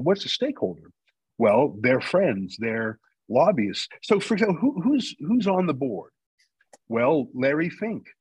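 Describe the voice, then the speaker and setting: A man's voice: medium pitch, husky, no room sound, rough recording. A man from Canada speaking as a guest in a radio interview, making his case in an argumentative, emphatic way and answering his own rhetorical questions. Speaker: guest, news company founder.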